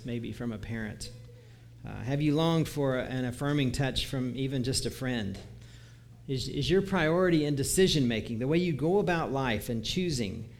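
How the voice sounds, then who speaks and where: A man preaching a conversational sermon, reading scripture aloud and chuckling at his own asides. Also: mid-range voice.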